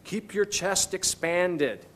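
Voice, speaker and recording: A man's voice: high-pitched, lively intonation, takes it slowly, fairly bright tone, a little hiss or hum. A man teaching singing on an instructional video, patiently coaching each step. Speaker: vocal instructor.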